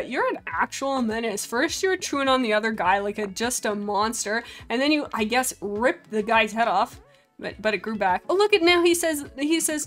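A young woman streaming a game, chatting casually and excitably, gasping, giggling and speaking for her virtual pets. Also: on the high side, normal speed, soft background music. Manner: excitable, giggly, gasping, voices the pets' thoughts. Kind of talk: casual gameplay commentary.

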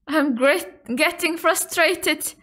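A young woman streaming a horror game, talking to herself and her viewers, squealing and yelling at the game. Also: extremely high pitch. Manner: excitable, squealing and shouting at the game. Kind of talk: gaming stream commentary.

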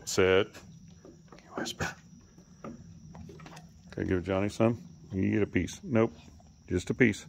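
A man talking to his pets outdoors in a coaxing, playful way, calling them in high sing-song baby talk and teasing them with mild swearing. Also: creaky, a little hiss or hum. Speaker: pet owner filming animals. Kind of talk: casual talk to animals.

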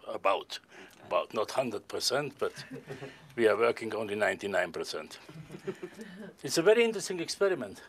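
Playful stage magician with lively pitch. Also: male voice, a little hiss or hum. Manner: playful, polite and formal, joking with the volunteer. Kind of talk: stage magic performance with audience volunteer.

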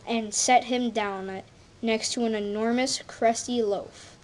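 A woman reads a children's picture book aloud. She takes it slowly and reads with expression. Her voice sits fairly high. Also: fairly even intonation. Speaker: story reader.

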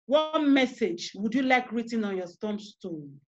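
A Nigerian woman with a high voice leads parents through an online workshop. She speaks earnestly and keeps putting questions to her listeners. The sound comes through a dull, lo-fi video call. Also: expressive, measured pace, few pauses. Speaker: parenting coach.

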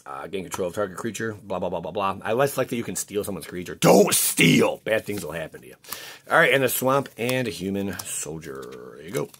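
Low-voiced man rambling through card packs. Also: lively intonation, quick pace, a bit bright, breathy edge. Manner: chatty, rambling, frequent restarts and stammers. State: voice cracking. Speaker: card-opening channel host. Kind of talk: casual commentary while opening packs.

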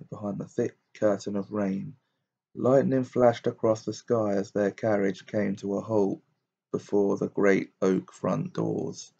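Low-pitched man narrating a storybook, steady reading, dull lo-fi recording. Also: gravelly. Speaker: audiobook reader.

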